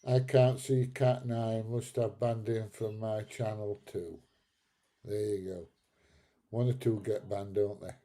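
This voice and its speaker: Old guy in his 70s on a livestream, slow and mellow, chuckling and firing back at trolls. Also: on the low side, fairly even intonation. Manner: laughs often, banters back at chat trolls. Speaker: livestream host reading chat. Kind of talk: casual live stream chat.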